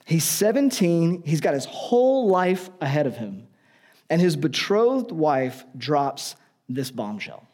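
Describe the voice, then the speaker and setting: A man preaches a sermon in a chatty, joking tone, throwing questions to the listeners. His voice sits a little high. His pitch swings freely. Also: big pitch swings, takes it slowly, a little mellow. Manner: conversational, joking, asks the audience questions.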